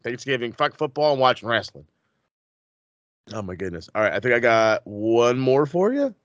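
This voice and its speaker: A man asking wrestling trivia in a casual podcast chat, excitable and profane with rambling asides. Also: medium pitch, normal speed, no echo, dull audio. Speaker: trivia quizmaster.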